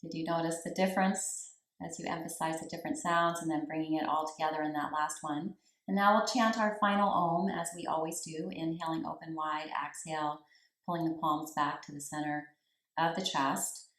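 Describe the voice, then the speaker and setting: A woman teaching a yoga class, giving slow, calm cues for breath and posture with long pauses between them. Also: deep voice. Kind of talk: guided yoga class instruction. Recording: echoey room.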